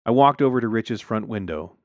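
Low-voiced man reading a wry story. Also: animated, a little fast, darkish tone, dry recording. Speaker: narrator. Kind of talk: first-person story reading.

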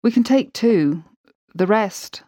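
A woman's voice: medium pitch, lively intonation, slow pace, dark tone, no echo, clean studio sound, pitched above the performer's own voice. A woman reading the part of an older man driving a horse ambulance, blunt and urgent. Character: older male horse-ambulance driver, gruff, practical.

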